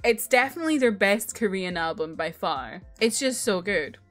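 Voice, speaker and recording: A woman's voice: medium pitch, animated, moderate pace, fairly bright tone, soft background music. A young woman casually chatting as she ranks her favorite songs, rambling and gushing with lots of fillers and restarts. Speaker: K-pop video creator. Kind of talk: casual chat ranking songs.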